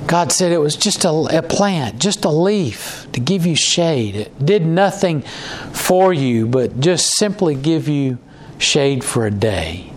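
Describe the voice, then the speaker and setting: Man preaching in a chatty, halting way. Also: on the high side, lively intonation, noisy background. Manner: conversational, repeats and restarts words, acts out quoted lines. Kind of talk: sermon.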